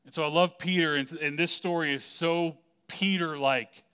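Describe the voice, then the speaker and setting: Male preacher, slightly high and very clear voice, chatty and playful delivery. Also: steady tone, moderate pace, a bit bright. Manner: casual and joking, many "like" fillers. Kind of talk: conversational sermon.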